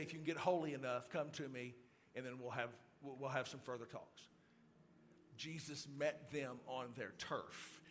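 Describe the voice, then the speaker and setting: A middle-aged male pastor delivering a sermon, moving from calm storytelling to loud, excited preaching. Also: medium pitch, a little hiss or hum.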